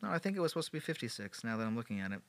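Animated, playful male podcast host. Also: medium pitch, very fast, no echo. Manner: playful and sarcastic, with joking asides. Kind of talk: casual history storytelling.

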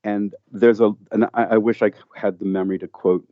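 A man with a fairly low voice talks through his argument earnestly and emphatically, circling back and restarting phrases as he goes. The sound is dry with no room, and slightly muffled. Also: fairly even intonation, fairly quick, no echo. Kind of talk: conversational political discussion.

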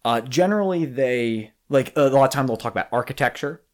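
An easygoing man hosts a relaxed podcast conversation. His pitch moves around a lot, and he laughs often and fills pauses with ums and uhs. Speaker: podcast host. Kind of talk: casual chat.

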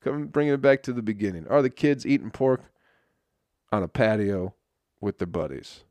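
A podcast host goes on a profane comedic rant, swearing constantly and laughing at his own jokes, his throat dry. His voice is fairly low, animated, and darkish in tone at normal speed, recorded dry.

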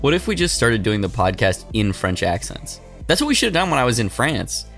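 A man's voice: mid-range voice, big pitch swings, a little fast, gravelly, fairly bright tone, faint music behind. A man hosting a podcast who reads history notes and breaks into jokey banter. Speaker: podcast host. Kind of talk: casual podcast storytelling.

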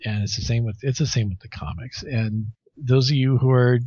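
A man's voice: medium pitch, normal speed, darkish tone, breathy edge, no room sound. A man being interviewed about his comics, talking casually and bluntly, rambling with lots of restarts and swearing. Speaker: comic artist guest. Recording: dry, dull lo-fi sound.

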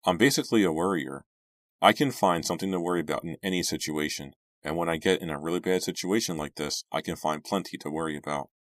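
A man narrating an audiobook in the first person, in a steady, measured way. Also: sits low, no echo, studio quality.

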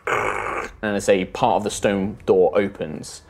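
A man's voice: fairly low pitch, steady tone, a little slow, creaky. A man acting as game master, narrating a tabletop game with frequent ums and restarts. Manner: hesitant, filler-heavy narration.

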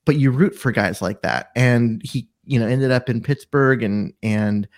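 A man's voice: mid-range voice, unhurried. A man co-hosting a sports podcast, talking football in a loose, rambling way. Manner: rambling, many fillers and restarts. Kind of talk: casual sports chat.

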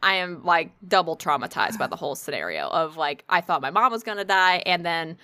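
A woman co-hosting a chatty podcast, animated and swearing freely as she tells her story. Her voice is bright and forward, and the recording is close and dry with almost no room sound. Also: on the low side, brisk, no room sound. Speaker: podcast co-host. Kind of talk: casual chat.

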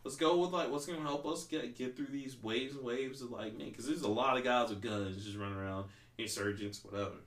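Brief: male podcast host, loose and profane, filler-heavy storytelling, mid pitch, roomy echo. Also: fairly quick, a bit bright. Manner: rambling, profane, heavy use of "like". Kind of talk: casual chat.

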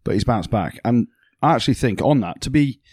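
A man co-hosting a podcast, chatting about rugby with fast teasing banter. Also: medium pitch, expressive, a little mellow, slightly rough, no echo, studio quality. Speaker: podcast co-host, rugby pundit. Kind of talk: casual rugby chat. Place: podcast studio.

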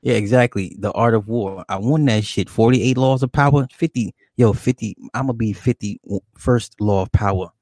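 A man's voice: on the low side, moderate pace, few pauses, a little mellow, no echo, studio quality. A man hosting a call-in show, telling a childhood story in a laid-back, profane way and laughing often. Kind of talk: casual late-night call-in storytelling.

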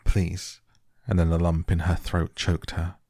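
A man gently reading a classic novel aloud as a soft bedtime story. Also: low voice, monotone, no echo, clean studio sound. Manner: gentle, unhurried. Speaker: audiobook narrator.

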